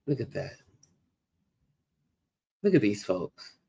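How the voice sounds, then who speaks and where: A middle-aged man hosting a casual livestream, musing warmly to viewers as he shows photos. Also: lowish voice, big pitch swings, creaky, breathy edge. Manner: slow, musing, talks to viewers while showing photos. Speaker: livestream host.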